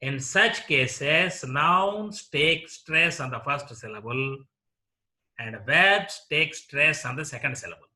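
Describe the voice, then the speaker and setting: A male college lecturer with an Indian English accent, teaching word stress slowly and deliberately, repeating each example word as a drill. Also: on the high side, animated, bright, forceful tone.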